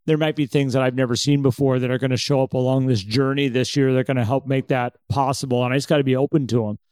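In an animated, casual podcast conversation, the male co-host performs an inner voice as he talks. His medium-pitched voice is clean in tone and quick in pace, and the recording is dry.

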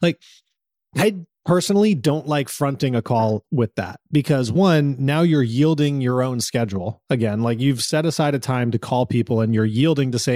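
Opinionated podcast co-host, dry sound. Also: male voice, mid-range voice, lively intonation, normal speed, dark tone, no echo. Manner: opinionated, laughs between points. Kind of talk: casual podcast chat.

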